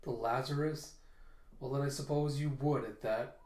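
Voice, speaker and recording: A man voicing a calm, resigned older worker who speaks plainly and quietly. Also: mid-range voice, normal speed, close to an everyday voice. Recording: roomy echo.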